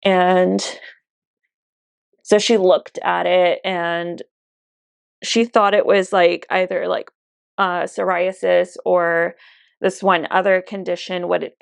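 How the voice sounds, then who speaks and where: A woman's voice: on the low side, flat delivery, unhurried, gravelly, clean tone, no room sound. A young woman vlogger chatting casually and confidingly while doing her makeup, full of "like" and "you know". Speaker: beauty vlogger. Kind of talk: casual get-ready-with-me chat.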